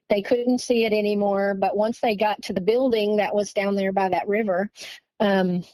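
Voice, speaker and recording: A woman's voice: medium pitch, dry recording, poor audio. A woman from Texas, telling a story as a guest in a casual, rambling way, acting out what people said. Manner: rambling, lively, acts out quoted speech.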